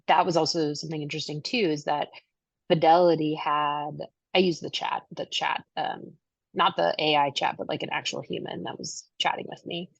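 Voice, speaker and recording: A woman with a deep, creaky voice and fairly even intonation co-hosts a casual podcast chat. She rambles in quick bursts, full of fillers and restarts. The recording is dry, with no room sound, from a slightly dull lo-fi mic.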